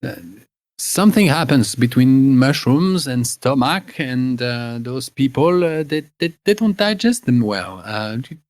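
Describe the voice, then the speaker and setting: A man voicing a bossy, shrewd old woman healer in a tabletop game, speaking high and fussy with many hesitations. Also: animated, a little slow, darkish tone, no echo, lightly acted. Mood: advising.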